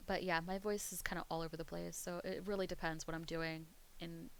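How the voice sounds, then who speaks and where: A woman's voice: fairly low pitch, level tone, a little fast, creaky, fairly bright tone, slight background noise. Young east coast woman streaming, rambly and laid back, laughs a lot, swears casually, bit of a pennsylvania accent. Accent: East Coast American, Pennsylvania. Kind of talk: casual chat to viewers.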